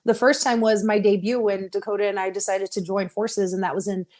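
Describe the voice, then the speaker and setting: A woman's voice: medium pitch, level tone, a little fast, a little mellow. A young woman from Texas, a professional wrestler, talking openly and emotionally in a casual interview, laughing often. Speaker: interview guest, pro wrestler.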